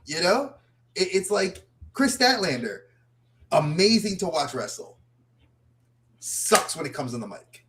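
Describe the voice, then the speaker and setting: A man co-hosting a wrestling podcast in casual chat, animated and rambling through lists of names. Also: high-pitched, a little slow, long pauses, slight background noise. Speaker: podcast co-host.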